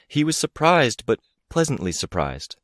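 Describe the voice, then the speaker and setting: A man's voice: mid-range voice, big pitch swings, moderate pace, fairly bright tone, no echo, studio quality, voice pushed up. A man reading an audiobook, voicing a composed middle-aged mother who pleads earnestly with her daughter. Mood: pleading. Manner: earnest, coaxing, insistent.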